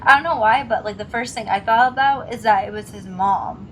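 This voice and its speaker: A woman co-hosting a casual chat about a drama episode, retelling scenes with lively acted-out quotes. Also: fairly high pitch, a little fast, slight background noise, poor audio. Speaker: co-host discussing a drama episode.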